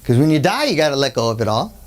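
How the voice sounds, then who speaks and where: Animated storytelling workshop speaker. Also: mid-range voice, very fast. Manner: animated storyteller who acts out the people in the story; conversational, with many asides. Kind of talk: storytelling lecture.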